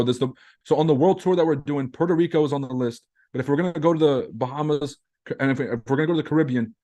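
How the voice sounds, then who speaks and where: Hosting a trading livestream in his normal speaking voice, this man sounds medium-pitched and a little mellow. He keeps things casual and loose, brash and profane, joking around and responding to chat messages as they arrive.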